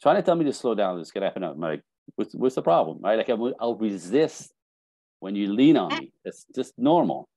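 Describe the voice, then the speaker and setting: Low mellow-voiced man telling stories. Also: a little fast, dry recording. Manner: animated storytelling, acting out dialogue. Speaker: dating coach guest. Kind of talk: casual podcast conversation.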